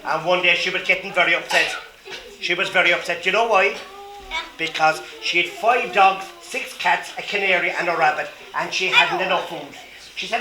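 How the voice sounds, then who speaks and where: Bright lively storyteller from Cork. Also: mid-range voice, a little fast. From Cork, Ireland. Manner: lively, asks the children questions. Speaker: children's storyteller. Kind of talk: storytelling to children. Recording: roomy echo.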